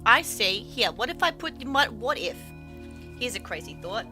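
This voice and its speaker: A woman's voice: on the high side, big pitch swings, normal speed, bright, forceful tone. A woman streaming games, chatting playfully, cooing at her cat and reading game text aloud with drama. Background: faint stream music.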